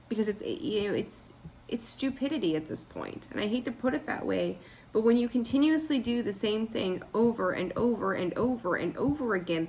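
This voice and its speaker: A woman's voice: fairly high pitch, a little mellow, slight background noise. A woman giving a casual tarot reading, blunt and frank, scolding her listeners and rambling with restarts. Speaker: tarot reader.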